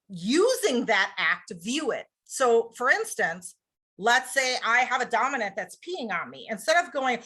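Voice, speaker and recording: A woman with a high, bright voice presents candidly over a video call. Her pitch leaps and swoops as she acts out how people react, and her talk stays frank and lively. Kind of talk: online presentation.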